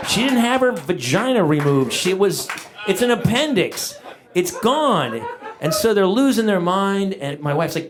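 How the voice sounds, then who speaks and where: A man's voice: high-pitched, normal speed. A middle-aged man performing a stand-up comedy routine on stage, acting out the people in his stories in changing voices. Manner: animated, acts out quoted family members in shifting voices. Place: comedy club stage before a live audience. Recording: live audience laughter around the voice.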